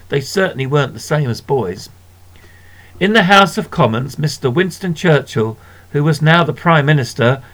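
A man narrating a children's story in a measured, gentle way. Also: a little high. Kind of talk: storybook reading.

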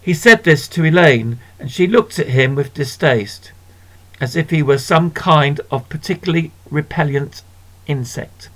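A man narrating a children's story in a measured, gentle way. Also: a little high. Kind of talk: storybook reading.

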